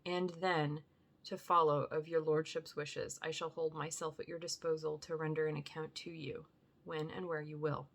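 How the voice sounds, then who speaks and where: A woman reading aloud and voicing a grave, solemn old foreign doctor who speaks in measured tones. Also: sits low, level tone. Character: grave old foreign male doctor, stern yet tender. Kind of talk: audiobook reading.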